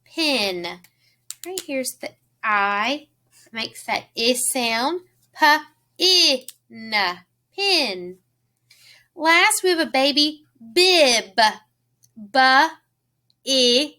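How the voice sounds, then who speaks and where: A woman teaching a phonics lesson to young children, slowly sounding out letters and words and asking simple questions. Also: high voice, big pitch swings, bright, forceful tone. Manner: asks the listener simple questions.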